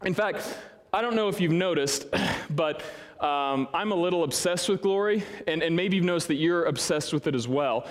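A man preaching a sermon to his congregation, animated and conversational, recorded in a church hall. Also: a little high, moderate pace. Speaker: pastor. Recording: long hall reverb.

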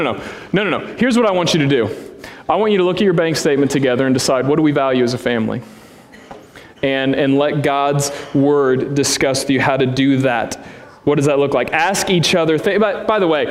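A man in his thirties preaching a conversational, earnest sermon as pastor, with casual asides to the congregation. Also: a little high. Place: church sanctuary. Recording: long hall reverb.

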